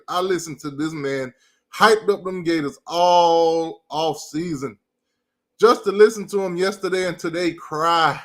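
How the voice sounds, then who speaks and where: Brash high-voiced man ranting about football. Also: fairly bright tone. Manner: brash trash-talking, repeats his jabs. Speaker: college football fan commentator. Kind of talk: ranting sports commentary.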